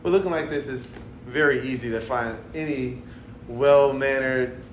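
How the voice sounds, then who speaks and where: A man's voice: medium pitch, steady tone, normal speed. A man interviewing a guest in a documentary, friendly and joking with frequent laughs. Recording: echoey room with background noise.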